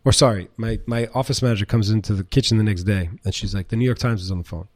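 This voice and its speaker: A man's voice: lowish voice, fast, no echo. A middle-aged man, a chef and restaurant owner, telling rambling stories in a casual interview, full of fillers and the odd curse. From United States. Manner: rambling, animated, swears, many fillers.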